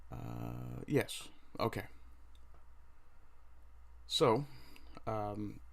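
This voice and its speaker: A man with a low voice hosts a casual home livestream, talking loosely to his chat. He pauses often and fills the gaps with ums and uhs. His mic sits right under his chin. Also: big pitch swings, creaky. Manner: hesitant, many fillers, reads chat aloud. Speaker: livestream host.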